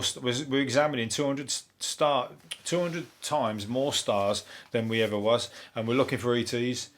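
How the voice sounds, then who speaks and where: A man, a comedian hosting a topical comedy podcast, ranting in a rambling, sweary, deadpan way. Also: mid-range voice. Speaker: comedian host.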